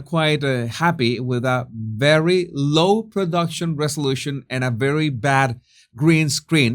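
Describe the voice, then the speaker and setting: A man giving a sarcastic, profane commentary monologue, often restarting his sentences. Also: a little high. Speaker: commentary channel host.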